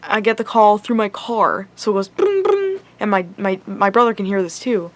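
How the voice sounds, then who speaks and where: A woman's voice: medium pitch, steady tone, a little fast. A young woman vlogger telling an upsetting story in a casual, rambling way, full of "like" and swearing. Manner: rambling, heavy use of "like" and swearing; emotional, upset retelling.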